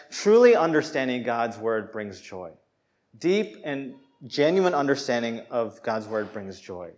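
A young adult man preaching a sermon in a casual, conversational way, with fillers and restarts, acting out quoted voices. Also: mid-range voice. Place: Hong Kong.

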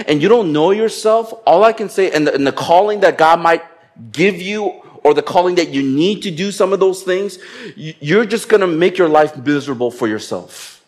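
A man preaching a sermon in a somewhat high voice. He talks animatedly, slipping into playful acted-out quotes and joking along as he goes. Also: moderate pace. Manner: animated, acts out quotes with humor. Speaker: pastor.

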